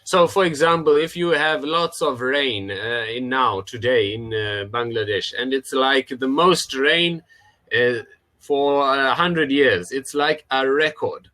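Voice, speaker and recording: A male tutor leads a pronunciation lesson over a video call. His voice has a bright, forward tone, and he speaks patiently, saying each word slowly for his student to copy. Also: mid-range voice. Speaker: English tutor.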